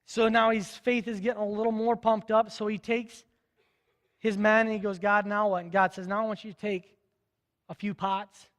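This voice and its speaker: A man's voice: sits high, little pitch movement, moderate pace, fairly bright tone, big-room sound. A man preaching a sermon, retelling a Bible story in casual, modern speech and acting out the characters' lines. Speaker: pastor.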